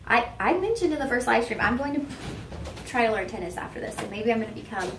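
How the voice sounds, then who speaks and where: A woman's voice: fairly high pitch, big pitch swings, quick pace, a bit bright, reverberant, slight background noise. A young woman hosting a live shopping show, chatting with viewers and teasing herself. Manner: chatty and self-teasing, talks straight to viewers. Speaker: shopping channel host.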